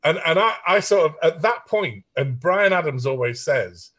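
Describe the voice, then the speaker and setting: A middle-aged man with a Sheffield accent, a songwriter telling animated anecdotes in an interview and acting out the people he quotes. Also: on the high side, moderate pace, husky. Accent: Sheffield English. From England. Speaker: songwriter guest. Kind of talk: storytelling interview.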